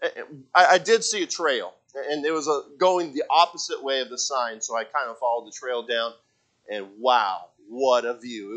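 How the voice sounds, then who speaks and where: A man's voice: medium pitch, a bit bright. A man preaching in a conversational way, telling a family story with many restarts and repeated words, and acting out quoted lines in a raised voice. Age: adult father of a young child.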